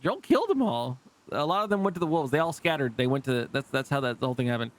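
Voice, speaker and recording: There's no echo on this man's expressive, medium-pitched voice, and he talks fast. Streaming live, he gives casual gameplay commentary to chat, rambling with frequent restarts and fillers while swearing freely and laughing easily.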